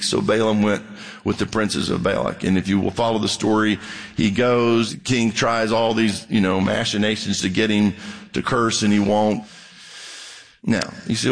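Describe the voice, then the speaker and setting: A man's voice: fairly low pitch, steady tone, moderate pace, gravelly. A man preaching a sermon, reading scripture and breaking off into humorous asides to the congregation. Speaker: pastor. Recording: long reverb of a large hall.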